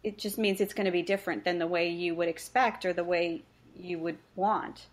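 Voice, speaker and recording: A woman's voice: on the low side, steady tone, normal speed. A woman face reading practitioner and coach, explaining relationships earnestly in a podcast interview and telling stories about her clients.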